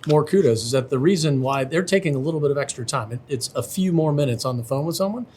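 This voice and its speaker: A man's voice: a little high, animated, quick pace, darkish tone, slight background noise. A man who leads in the company, speaking with enthusiasm in a casual podcast conversation. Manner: enthusiastic and agreeing. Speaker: company leader and podcast guest.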